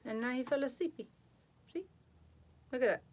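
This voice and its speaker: A woman host casually chatting on a home live stream, animated and cooing baby talk to her dog at times. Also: high-pitched, normal speed.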